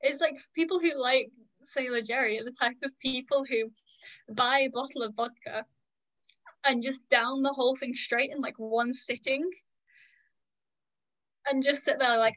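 Her voice is high, steady and fairly bright, with a moderate pace and long pauses. As a podcast guest she chats casually, blunt and opinionated, full of "like" and "um," over dull lo-fi audio.

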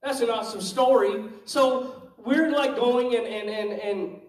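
High-voiced animated male minister. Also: unhurried. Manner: animated, acts out quoted voices. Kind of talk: storytelling testimony. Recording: echoey room, distant mic.

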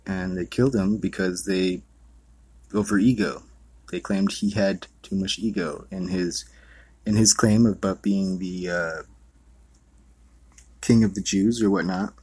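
Solo podcast host, male, lowish husky voice, meandering and profane, dry close sound. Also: fairly even intonation, measured pace, long pauses, a little mellow, no echo. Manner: loose, profane, meandering with many fillers. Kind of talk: rambling monologue.

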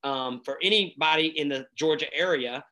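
A man, telling stories in a casual, energetic conversation as a guest, with many fillers. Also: fairly high pitch, moderate pace. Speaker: nonprofit founder and guest.

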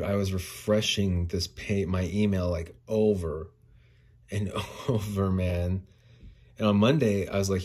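Male podcast host with a dark, mellow, low voice; rambling, profane, out-of-breath rant. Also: slightly rough. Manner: frustrated, swearing, rambling. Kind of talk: casual solo rant.

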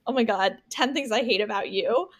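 A woman's voice: on the high side, a little fast, fairly bright tone. A woman co-hosting a podcast, chatting casually about a book and filling her talk with "like.". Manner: chatty, many "like" fillers. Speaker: podcast co-host.

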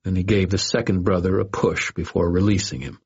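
Deep, husky male narrator; steady, wry first-person reading. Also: fairly quick. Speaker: audiobook narrator. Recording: dull lo-fi audio.

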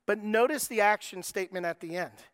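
A middle-aged man preaching a sermon, moving between lively, raised passages and soft, slow, quiet lines. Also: high voice, clean tone, no echo, studio quality. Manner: preaching with dramatic shifts in tone, acting out voices. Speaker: pastor.

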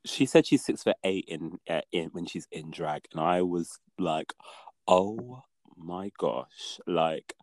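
A man co-hosting a casual podcast, chatty and animated, laughing easily as he talks. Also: sits low, measured pace, hardly any pauses, no echo. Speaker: podcast co-host. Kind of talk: casual chat.

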